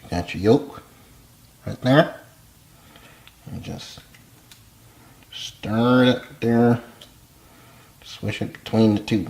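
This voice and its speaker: Low-voiced man teaching home cooking. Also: takes it slowly, vocal fry, long pauses. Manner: folksy, relaxed step-by-step instructions, often quiet. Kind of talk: casual cooking demonstration.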